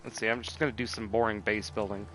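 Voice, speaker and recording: A man's voice: lowish voice, level tone, fast, a bit bright, faint music behind. A man streaming a video game, chatting casually in a rambling, profane way and often cutting himself off, a little tipsy from drinking. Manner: rambling, profane, self-interrupting. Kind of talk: casual gameplay commentary.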